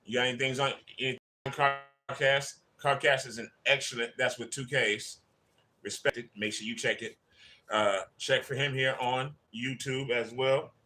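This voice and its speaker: A man's voice: mid-range voice, fairly even intonation, normal speed, bright, forceful tone. Chatty man hosting a fan livestream. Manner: chatty, greets viewers by name. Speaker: livestream host. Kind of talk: casual livestream chat.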